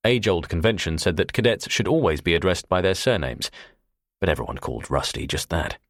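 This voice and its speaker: A man narrating a thriller audiobook in the first person, with measured storytelling. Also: low-pitched, fairly bright tone, dry recording, clean studio sound.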